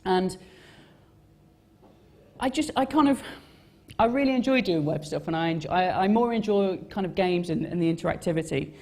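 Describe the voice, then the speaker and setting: Speaking from the stage at a live event, a young man with a high, expressive, darkish voice chats about his design projects at a moderate pace, pausing often. He rambles, teases himself, and keeps restarting with lots of filler words.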